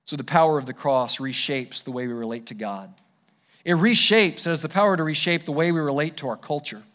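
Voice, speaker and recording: A man's voice: on the high side, brisk, a bit bright. A man preaching a sermon as pastor, conversational and emphatic. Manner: conversational, emphatic, self-deprecating.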